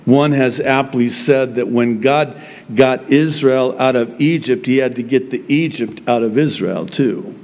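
Slow-talking guy preaching, leans hard on key words, big echoey hall. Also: mid-range voice, a little mellow. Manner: slow, emphatic preaching with prayerful opening. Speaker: pastor. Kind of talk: sermon.

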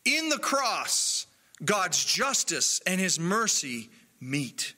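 A man preaching a sermon in an earnest, measured way with emphatic pauses. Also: high voice, big pitch swings, pushed and bright. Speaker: pastor.

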